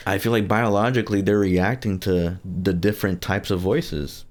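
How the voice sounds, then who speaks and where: A man hosting a podcast, asking questions and chatting in a relaxed way. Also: low-pitched, normal speed. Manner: asks questions, relaxed, short agreements. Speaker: podcast host. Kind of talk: casual podcast chat.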